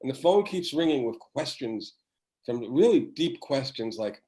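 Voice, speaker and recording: A man's voice: mid-range voice, animated, moderate pace, low-quality recording. Older man telling stories rambly. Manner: rambling, warm storytelling with restarts. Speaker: podcast guest, former children's TV writer. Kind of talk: casual chat.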